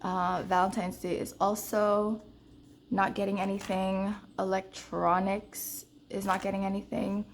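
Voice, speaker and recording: A young woman vlogging about budgeting, telling a story to her viewers in an animated, casual way. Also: a little slow, slight background noise. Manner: counts cash in a low murmur.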